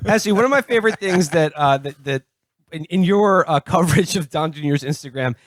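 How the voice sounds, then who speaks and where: A man with a somewhat high voice who steers the talk to new topics. He hesitates often and fills gaps with "uh." The recording is close and dry. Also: lively intonation, fairly quick, no echo. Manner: hesitant, many "uh" fillers, leading topics. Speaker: podcast co-host. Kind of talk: casual comedic chat.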